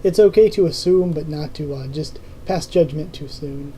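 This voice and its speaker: A young adult vlog host answering viewer comments in a loose, rambling way, stopping to restart sentences and filling pauses with um. The voice is very dark and mellow and sits at a mid pitch. A faint hiss of room noise lies under it. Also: poor audio. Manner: rambling, full of ums and restarts. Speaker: YouTube channel host.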